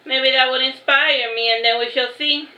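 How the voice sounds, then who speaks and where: Woman reading as a bossy, mocking nobleman, bright high voice, roomy echo. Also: fairly even intonation, normal speed, muffled recording. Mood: teasing. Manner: playful, mocking. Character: teasing domineering nobleman, adult man.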